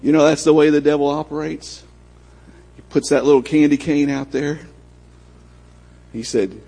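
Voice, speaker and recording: A man delivering a sermon in a folksy, conversational manner, slipping into bits of acted-out dialogue. His voice is somewhat husky and sits a little higher than most men's. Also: fairly even intonation, moderate pace, long pauses, dark tone. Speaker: pastor.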